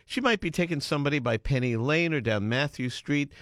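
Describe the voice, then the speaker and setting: A man hosting a podcast interview, chatting casually and telling lively, enthusiastic anecdotes. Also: on the high side, dry recording, clean studio sound. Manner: enthusiastic storyteller, fast and animated. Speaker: podcast host.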